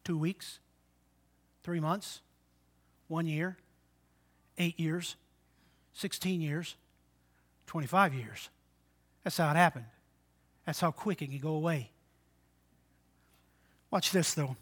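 A man in his sixties preaching a sermon, swinging between loud exhortation and quiet, low asides, and calling for amens from the congregation. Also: slow, pauses often. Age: 60s. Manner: call-and-response with the congregation. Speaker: pastor.

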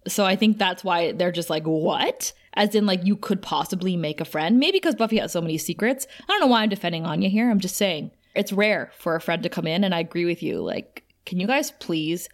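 A woman's voice: lowish voice, expressive, brisk, few pauses. A woman co-hosting a podcast, retelling a TV episode in casual chat and quoting the characters as she goes. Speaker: podcast co-host.

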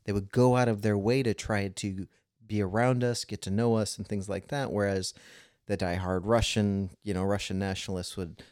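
Brief: male podcast co-host, low-pitched, dry close sound, loose rambling delivery. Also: fairly even intonation, moderate pace, darkish tone, no echo. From United States. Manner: rambling, frequent restarts, laughs while telling anecdotes. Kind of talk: casual conversation.

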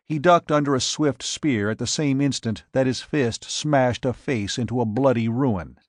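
A man reading a pulp adventure aloud as narrator, with a measured, dramatic delivery. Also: mid-range voice, dry recording, studio quality. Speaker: audiobook narrator. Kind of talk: scripted narration.

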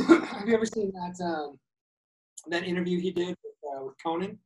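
A man's voice: high voice, normal speed, rough recording. A man co-hosting a casual chat, talking at length and reflecting on his points.

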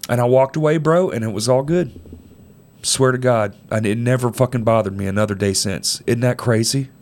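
A man telling a personal story in casual chat, swearing freely and dropping to quiet, low tones at heavy moments. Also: a little fast. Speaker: storyteller in conversation.

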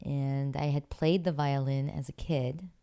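As an interview guest, a former figure skater turned actress from Pittsburgh chats through her stories, often breaking into laughter. Her bass voice is dark and smooth, with fairly even intonation and an unhurried pace.

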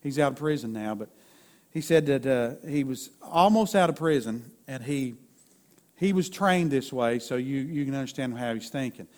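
A man's voice: medium pitch, animated, moderate pace, a little mellow. A man preaching a sermon in a folksy way, sketching stick figures and building to emphatic peaks. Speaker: pastor.

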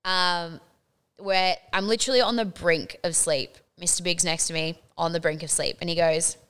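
A woman co-hosting a podcast, telling an animated, sweary story in casual chat. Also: lowish voice, normal speed, clean tone. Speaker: podcast co-host.

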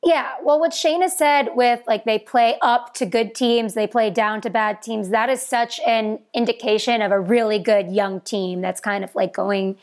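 A woman's voice: on the high side, fairly even intonation, moderate pace, few pauses. A woman co-hosting a casual hockey podcast, dry and offhand, talking with lots of fillers. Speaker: podcast co-host.

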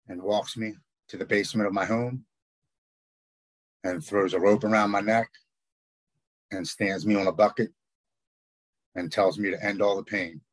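Man, middle-aged, low register, raw and halting personal storytelling, dry recording. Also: fairly bright tone, no echo. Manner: raw, halting, repeats words when emotional. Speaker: guest telling his recovery story.

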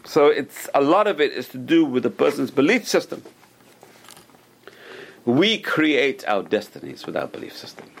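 A medium-pitched man with vocal fry teaches a Torah class at a moderate pace. Animated in his storytelling, he acts out the people he quotes and often repeats and restarts his phrases.

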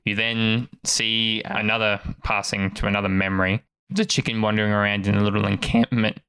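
Bright-voiced man narrating as game master. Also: on the low side, fairly quick, smooth. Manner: animated storytelling with many restarts.

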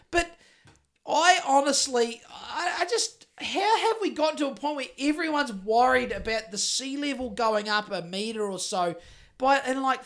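Middle-aged New Zealand man, high-voiced podcast host who rants and swears hard. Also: fairly bright tone. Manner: sweary heated ranting. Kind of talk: casual chat.

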